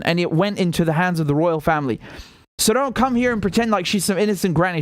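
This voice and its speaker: Male host, political commentary; indignant and sarcastic, fairly high voice, dry close sound. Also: expressive, quick pace, no room sound. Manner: indignant, sarcastic, rising to emphatic outbursts.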